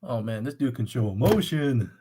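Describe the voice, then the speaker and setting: An excitable man chatting through a film with friends, at an even middle pitch. He laughs easily and repeats himself when he agrees with something. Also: moderate pace, breathy edge. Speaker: host. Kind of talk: casual watch-party commentary.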